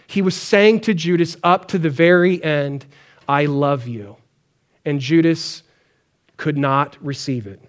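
A man with a high voice preaches a sermon in a conversational, chatty way. He acts out pleading prayers as he goes. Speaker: pastor.

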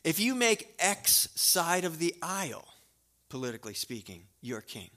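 A middle-aged man preaching a sermon as pastor, talking straight to his congregation and swinging from hushed asides to loud, emphatic declarations in a church sanctuary. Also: a little high, sing-song, unhurried. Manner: conversational, direct address to the congregation.

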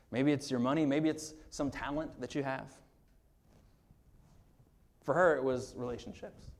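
Higher-pitched male pastor preaching conversationally. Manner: conversational, with humorous asides and laughs; earnest, drops quiet on serious points. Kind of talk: sermon.

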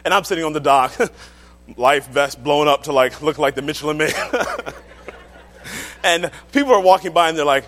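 A male pastor telling a humorous personal story in a sermon, animated and often laughing as he talks. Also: on the high side, normal speed, pauses often, in a large hall.

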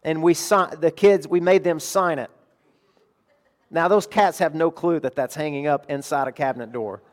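A middle-aged man preaching a sermon, earnest, moving between quiet confiding passages and emphatic declarations. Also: fairly high pitch, moderate pace. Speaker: pastor.

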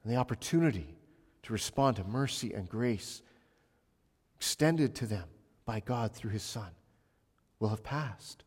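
A male pastor preaching a sermon with emphasis, swinging between loud passages and hushed ones. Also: fairly low pitch, lively intonation, unhurried, pauses often, breathy edge. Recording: long reverb of a large hall.

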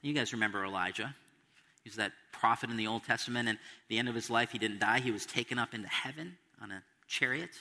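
A man's voice: mid-range voice, quick pace, sharp tone, in a large hall. A man preaching an expository sermon, stressing quotes and asking the listeners questions. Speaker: pastor.

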